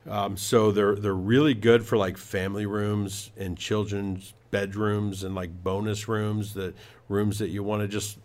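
A man's voice: on the low side, flat delivery, measured pace, a little mellow. A man hosting a home improvement talk show, giving tips in a casual, rambling way with many fillers and restarts. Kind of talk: casual radio-style talk.

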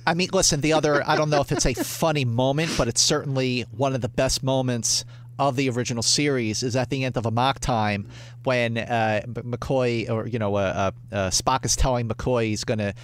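A man as a podcast guest, gushing and excitable, often stammering and repeating himself. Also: mid-range voice, moderate pace, dry recording. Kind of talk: casual chat.

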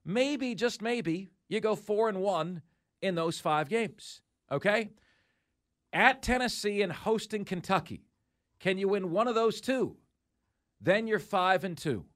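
A man's voice: sits high, expressive, measured pace, a bit bright. A man hosting a sports talk show, emphatically rattling off schedules with mock disbelief.

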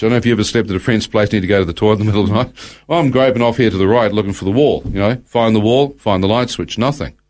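A man, telling a guest's testimony in conversation, acting out his own thoughts as dialogue and quoting scripture by verse. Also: lowish voice.

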